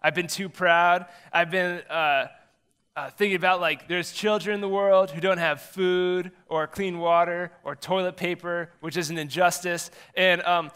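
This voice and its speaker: Male youth pastor, 30s, a bit high and bright, casual animated storyteller. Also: unhurried, clean tone. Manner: chatty, animated storytelling with acted-out quotes. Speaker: middle school pastor.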